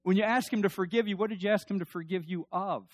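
A middle-aged pastor preaches a sermon, building to emphatic bursts and having the congregation repeat after him. His voice is high and his pace quick, on a dry recording.

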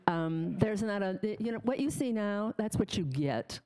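A woman's voice: medium pitch, lively intonation, normal speed, dark tone, smooth, poor audio. A woman giving a candid, plainspoken personal faith testimony to an audience, emotional at times. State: tearful. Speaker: testimony speaker.

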